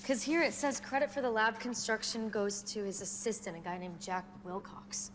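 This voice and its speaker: An actress playing a young female hunter who talks in a brisk, questioning way. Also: mid-range voice, steady tone, natural voice. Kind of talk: TV drama acting. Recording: noisy TV clip audio.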